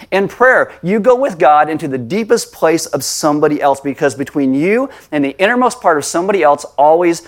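A man delivers a sermon as a pastor, his voice sitting a touch higher than most men's. He preaches conversationally and slips into lively acted-out voices when he tells a story.

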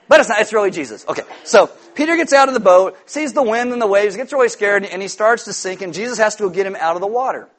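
A man preaching a sermon, animated and jokey, telling stories with loud shouted impressions. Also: high voice, quick pace, hardly any pauses. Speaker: pastor.

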